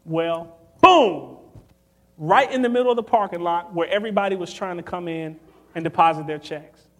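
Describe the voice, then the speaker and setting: Guy preaching to young people, highish voice, super animated, acts out all the quotes. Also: a little fast. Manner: animated, acts out quotes, swings from loud to hushed. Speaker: youth preacher. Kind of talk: storytelling sermon.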